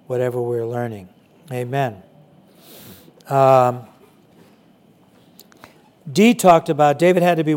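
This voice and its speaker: Middle-aged male preacher, slightly high voice, relaxed sermon delivery with lots of fillers. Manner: conversational, many "you know" fillers. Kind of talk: sermon to young people.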